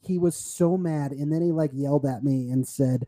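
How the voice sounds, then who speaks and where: A man's voice: fairly high pitch, moderate pace, mellow, no echo, low-quality recording. A young man co-hosting a casual comedy podcast, teasing his partner, telling stories and laughing often. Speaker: podcast co-host.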